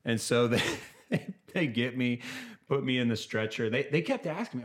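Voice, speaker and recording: Animated male podcast guest storyteller. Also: mid-range voice, normal speed. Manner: animated, acts out quotes, trails off and restarts. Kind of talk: casual storytelling in a podcast interview.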